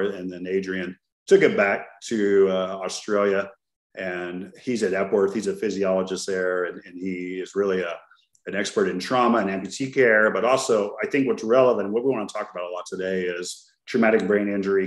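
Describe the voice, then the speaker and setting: A man's voice: low-pitched, level tone, moderate pace. A man from Texas hosting a podcast in casual chat, telling stories in a laid-back, joking way with plenty of fillers, in a roomy recording. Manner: laid-back, jokey storyteller with lots of fillers. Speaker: podcast host. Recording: roomy echoey sound.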